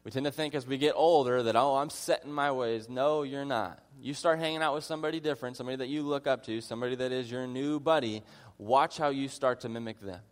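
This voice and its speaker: A man's voice: mid-range voice, fast talker. A man preaching a conversational sermon as a pastor, earnest in his teaching and mixing in humorous personal asides. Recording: long reverb of a large hall.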